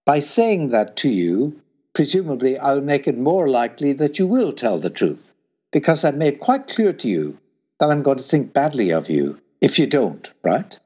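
A man speaking as a guest in an explanatory conversation, lively, and now and then acting out what he would say to someone. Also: mid-range voice, normal speed. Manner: lively, explanatory, acts out exhortations in a rising pleading tone. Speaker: guest philosopher. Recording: dull lo-fi sound.

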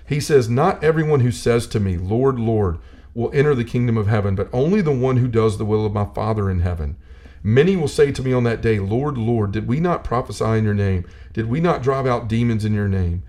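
A man's voice: mid-range voice, lively intonation, a little fast, darkish tone. Earnest man preaching in casual chat. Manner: earnest and preachy, many "like" fillers. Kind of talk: casual faith discussion.

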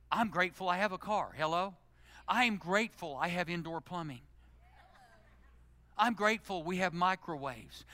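A middle-aged male pastor delivering a sermon, swinging from loud, emphatic exhortation to hushed, intimate prayer. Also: high voice, no room sound. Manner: animated preaching, climbing to loud emphasis then dropping to hushed, intimate prayer.

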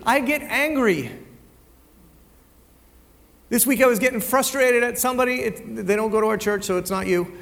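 A man's voice: very high-pitched, normal speed, creaky, long pauses, fairly bright tone. A male pastor preaching a conversational sermon in a church, often repeating words as he goes and asking the congregation rhetorical questions. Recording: long hall reverb.

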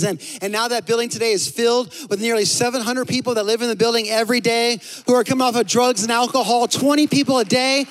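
A man preaching a sermon as a pastor, telling a story animatedly, dropping to a hush and then rising loud. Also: high voice. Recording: long hall reverb.

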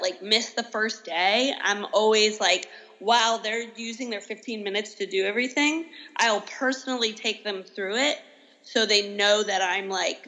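A woman guest talks casually through an interview in a bright, forceful voice. She rambles, leans on "like" again and again, and corrects herself mid-thought. Her pitch sits in an ordinary middle range. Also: poor audio. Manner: rambling, heavy use of "like" as a filler; explains with quick self-corrections. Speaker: improv teacher and podcast guest.

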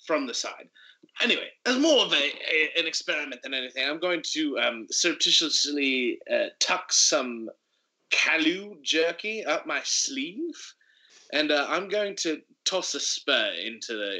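A playful man talks through his moves at a tabletop game. His voice is bright and sharp, with lively swings in pitch. He sounds slightly high for a man. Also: low-quality recording. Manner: lively, playful, thinking aloud. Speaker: player. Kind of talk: in-character tabletop play.

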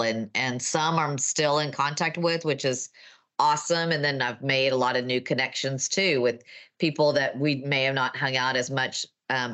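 A woman's voice: a bass voice, a bit bright. A woman in her fifties with a Texan accent, a guest chatting casually and nostalgically about her school days, talkative and laughing often. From Texas. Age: 50s. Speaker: guest, former class president.

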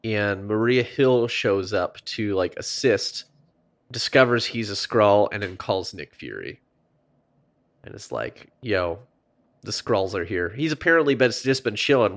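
A man's voice: medium pitch, lively intonation, moderate pace. A man co-hosting a casual podcast, talking in a wry, sarcastic way. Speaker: podcast co-host. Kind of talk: casual chat.

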